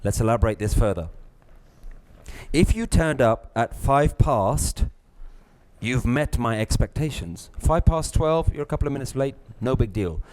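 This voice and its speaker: A middle-aged man, teaching a live class, lively, acting out little scenes and laughing often. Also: mid-range voice, measured pace. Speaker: spiritual teacher.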